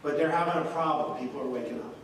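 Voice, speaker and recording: Man, slightly high voice, folksy stump speech, animated storyteller, distant mic, very echoey hall. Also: fast, a little hiss or hum. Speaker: congressman speaking at a town hall. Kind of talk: political stump speech with anecdotes. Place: large echoey courthouse hall.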